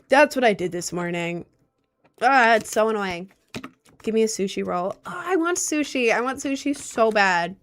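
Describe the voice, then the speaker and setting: A young woman streamer whose natural voice sits on the low side, chatting casually and reacting aloud to her chat. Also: clean tone. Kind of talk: casual livestream chat reading comments.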